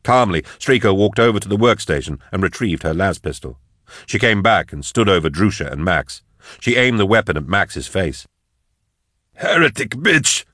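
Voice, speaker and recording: Low voiced guy reading an audiobook, steady, dry sound. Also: normal speed, no echo. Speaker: narrator. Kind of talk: audiobook narration.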